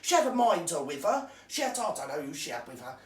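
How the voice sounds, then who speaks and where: Brief: woman, comic rant, crude and scornful, pitch leaping all over, roomy sound set back from the mic. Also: big pitch swings, fast talker, far from the mic. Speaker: comic character host.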